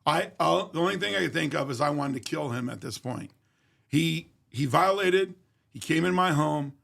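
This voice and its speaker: Gravelly-voiced man telling a blunt story. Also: a little high, expressive, moderate pace, a bit bright. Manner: blunt, profane, emphatic retelling. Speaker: guest. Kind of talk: casual storytelling.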